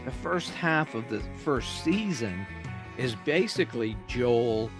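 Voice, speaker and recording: A man's voice: mid-range voice, expressive, slow pace, music in the background. A man co-hosting a casual review chat, explaining eagerly and rambling with restarts. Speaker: podcast co-host.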